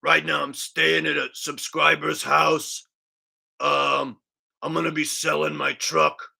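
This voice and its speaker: A man's voice: on the high side, level tone, slow, creaky, bright, forceful tone, full character voice. A man doing a droning vlogger impression. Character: laid-back vaping male vlogger, rambling about mundane news.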